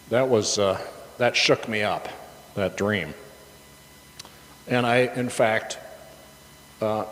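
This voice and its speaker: A middle-aged man preaching a sermon as a casual story, chatty and rambling, with many fillers and restarts. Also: lowish voice. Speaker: pastor. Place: church sanctuary. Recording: reverberant hall with faint background noise.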